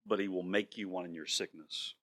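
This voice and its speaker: A male pastor delivering a sermon in an earnest way, slowing down to stress his words and now and then repeating himself. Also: low-pitched, fairly even intonation, a bit bright.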